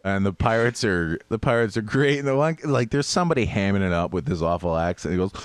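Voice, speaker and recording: A man hosting a podcast, telling gaming stories in a lively way and mimicking sounds from the game. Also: on the low side, fast, clear, resonant tone. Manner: animated storyteller, mimics game sounds and voices. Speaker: podcast host. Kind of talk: casual gaming chat.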